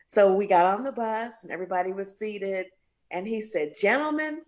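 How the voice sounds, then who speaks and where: A woman jazz singer being interviewed, telling a story with lots of voices for the people in it. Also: normal speed. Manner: animated storyteller, acts out quoted voices with big pitch jumps.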